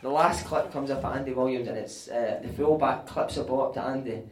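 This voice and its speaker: A Scottish man telling animated, sweary anecdotes on stage at a live podcast show, often laughing as he talks. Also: mid-range voice, a little fast. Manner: animated, sweary, laughing through his stories. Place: live venue with audience. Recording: echoey room, mic at a distance.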